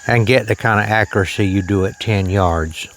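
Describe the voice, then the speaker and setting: A man demonstrating archery outdoors on a shirt lavalier, talking slowly and plainly and drifting into preacherly reflections on faith. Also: on the low side, background noise. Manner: slow, plain-spoken, preacherly asides. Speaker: archery vlogger. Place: outdoors on a rural property.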